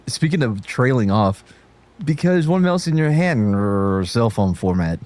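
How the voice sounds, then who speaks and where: Man hosting a livestream, animated pitch, joking and profane, laughs a lot. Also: measured pace. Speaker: livestream host. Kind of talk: casual group livestream chat.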